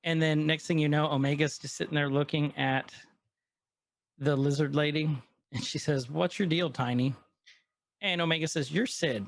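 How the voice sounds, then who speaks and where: A man's voice: a little high, normal speed, no echo. A man co-hosting a casual podcast, animatedly retelling an episode and quoting its characters. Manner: animated retelling with quoted lines. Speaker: podcast co-host. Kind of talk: casual chat recapping an episode.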